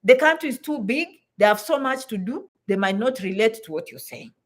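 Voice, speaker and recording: Blunt high-voiced woman vlogger. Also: expressive, fairly quick. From Africa. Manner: blunt, emphatic, repeats points for stress. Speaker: vlogger giving advice to immigrants. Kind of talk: direct-to-camera advice talk.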